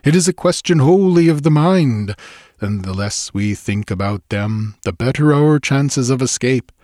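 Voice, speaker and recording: A man voicing a frightened adventurer who urges caution in hushed tones and breaks into frantic cries. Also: mid-range voice, animated, unhurried, dry recording, studio quality, pitched above the performer's own voice, close to an everyday voice. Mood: urgent hushed. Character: frightened male adventurer, tense, whispering warnings.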